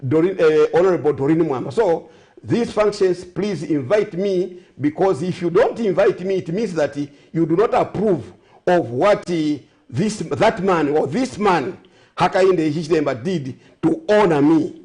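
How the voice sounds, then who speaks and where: High-voiced Zambian man, rambling aside-filled talk. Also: lively intonation, measured pace, a little mellow. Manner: rambling, self-correcting, sarcastic asides. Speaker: guest. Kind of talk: studio talk show discussion.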